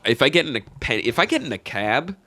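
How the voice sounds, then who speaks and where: A young man co-hosting a podcast, cracking deadpan, absurd jokes in casual chat. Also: mid-range voice, fast, no room sound. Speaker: podcast co-host. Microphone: studio podcast mic.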